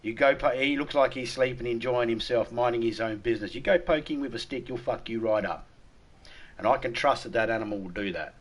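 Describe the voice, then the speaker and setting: In a mid-range voice that runs a little fast, a middle-aged man with an Australian accent chats casually as a game streamer. He rambles, curses freely, and keeps his humor blunt.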